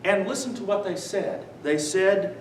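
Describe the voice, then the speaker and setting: Slow, high-voiced man lecturing in an echoey room. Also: lively intonation. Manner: quizzes the audience with "what?" prompts; chuckles while telling stories. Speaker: visiting lecturer on the New Testament. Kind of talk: church adult-education lecture. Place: church meeting room with a live audience. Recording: echoey room from far off, faint noise.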